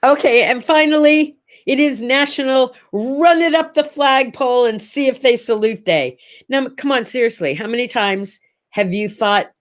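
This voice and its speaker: A middle-aged woman with a fairly high voice hosts a relaxed morning chat show. She talks straight to her camera, gushing and rambling, and keeps slipping into little asides. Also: moderate pace. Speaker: host. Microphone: talking to a camera.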